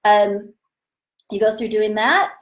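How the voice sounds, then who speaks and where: On a live stream picked up by a webcam-style or phone mic, a woman with a mid-range voice teaches acting slowly and casually. Her lesson is enthusiastic and chatty, with sudden bursts whenever she demonstrates something.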